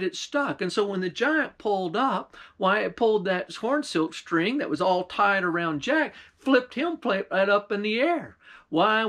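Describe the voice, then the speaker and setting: Male pastor, high pitch, folksy drawling storyteller. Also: a bit bright. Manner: folksy drawl, often starting lines with "why". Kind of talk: folk tale storytelling.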